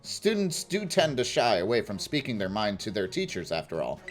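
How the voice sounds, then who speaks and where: A stately older school director speaks in formal, old-fashioned phrases, measured and apologetic, as a man puts him on. The voice drops low and deep but still swings widely in tone. Faint music plays underneath. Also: wildly swooping pitch. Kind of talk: reading game dialogue aloud with voices.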